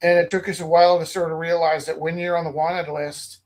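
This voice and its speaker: Man, from Canada, high voice, casual storytelling, animated, loud acted-out quotes. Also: fairly quick. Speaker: host.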